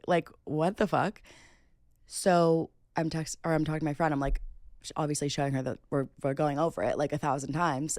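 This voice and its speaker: A woman's voice: deep voice, darkish tone, dry recording, studio quality. A woman in her twenties hosting a podcast, telling a dating story in a casual, profane, sarcastic way, full of "like" fillers. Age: 20s. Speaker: podcast host.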